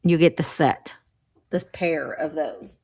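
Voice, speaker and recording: A woman's voice: low voice, slow, creaky, a little mellow. A woman chatting casually while running a live vintage auction, bubbly and playful with sing-song noises.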